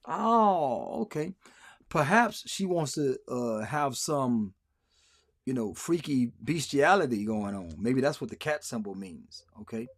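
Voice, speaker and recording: A man's voice: mid-range voice, expressive, measured pace. A man hosting a live stream, rambling through sarcastic commentary and answering comments from the chat. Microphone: streaming mic.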